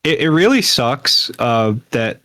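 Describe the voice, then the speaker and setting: A man chatting casually as a podcast guest, halting, with many fillers. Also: medium pitch, big pitch swings, pushed and bright, no room sound. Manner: hesitant, many fillers and restarts.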